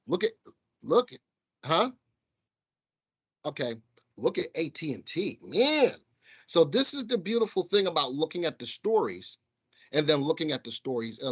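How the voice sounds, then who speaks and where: Speaking at medium pitch with a somewhat bright tone, a man with a Southern drawl runs a live stock market broadcast in a studio, casually chatting and calling viewers "folks." The audio sounds dull.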